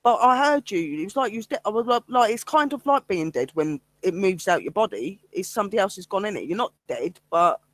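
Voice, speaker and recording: A woman's voice: mid-range voice, fast talker, hardly any pauses, no room sound. A woman, a paranormal investigator and medium, telling ghost stories in casual livestream chat and acting out the voices of others. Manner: animated storytelling, acts out other people's lines.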